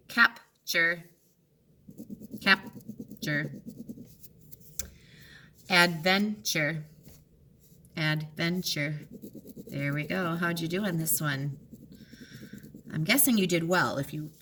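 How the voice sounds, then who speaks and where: A woman teaching a recorded lesson, going over test answers in an encouraging, explanatory way and drawing words out slowly to split them into syllables. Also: lowish voice, sharp tone. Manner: slow, drawn-out enunciation of words to split into syllables.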